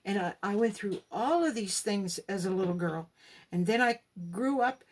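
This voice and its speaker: A woman's voice: medium pitch, animated, moderate pace. A woman giving an emphatic personal religious testimony, acting out the dialogue in her story.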